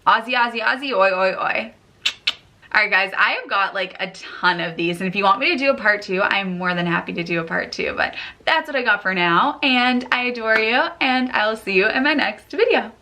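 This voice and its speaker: A young American woman from the United States chatting to camera as a vlogger, animated and full of "like". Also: medium pitch, brisk, hardly any pauses. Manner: chatty, animated storytelling, says "like" often. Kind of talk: casual to-camera chat.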